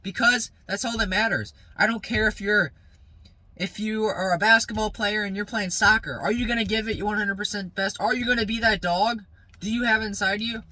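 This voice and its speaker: A young man with a high, bright voice, recording a motivational vlog outdoors on his phone. He rambles and restarts his sentences, then builds into a heated, preachy pitch about chasing your dreams. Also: no room sound, rough recording. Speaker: vlogger.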